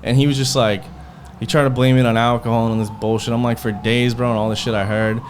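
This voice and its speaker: A podcast host with a medium-pitched, flat voice talks quickly over a noisy background. He rambles through a heated personal story, swearing freely and acting out quoted back-and-forth in casual storytelling style.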